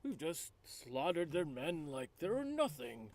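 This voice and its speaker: A man's voice: a little high, sing-song, a little slow. A man voicing a naive, cheerful male adventurer with a folksy, chipper way of talking.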